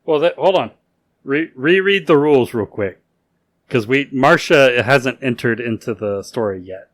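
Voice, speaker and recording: A man's voice: mid-range voice, animated, a little slow. Guy co-hosting a chill podcast, rambly storyteller, swears a lot, lots of "like". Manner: rambling storyteller, many "like" fillers, swears freely. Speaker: podcast co-host telling history. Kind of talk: casual drinking-game podcast chat.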